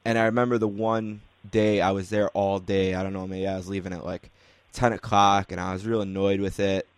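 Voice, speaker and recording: Male host, lowish voice, easygoing storyteller asking casual questions. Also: brisk, smooth, dry recording. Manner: relaxed, rambling storyteller. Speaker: podcast host interviewing players. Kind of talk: casual interview chat.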